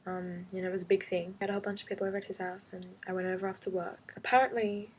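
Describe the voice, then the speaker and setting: A young woman vlogging, telling a school drama story in an exasperated, animated casual rant. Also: medium pitch, very fast, husky. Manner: exasperated, animated retelling with quoted back-and-forth. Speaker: high school student.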